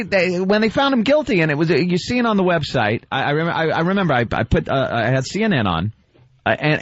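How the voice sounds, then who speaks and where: Lively male radio host. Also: high-pitched. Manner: lively, acts out scenes. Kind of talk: casual radio chat. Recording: dull dry radio studio sound.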